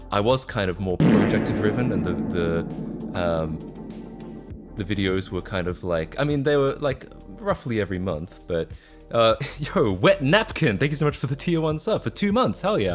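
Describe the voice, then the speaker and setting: Streamer, 20s, low voice, mixed Aussie-British-American accent, loose rambling chat, faint music under. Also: male voice. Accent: mixed Australian, British and North American. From Australia. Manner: rambling, many fillers and restarts. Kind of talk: casual livestream chat.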